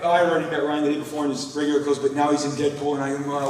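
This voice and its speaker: Captured from far back in the audience of a large, echoey convention hall, a comic creator in his fifties tells excitable, rambling stories on a panel. His fairly high voice races along with few pauses as he stammers, restarts, and acts out quotes.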